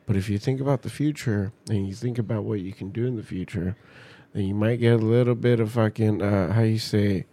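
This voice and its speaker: A man in casual chat, blunt and swearing, tossing out quick asides. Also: on the low side, steady tone, dark tone, dry recording.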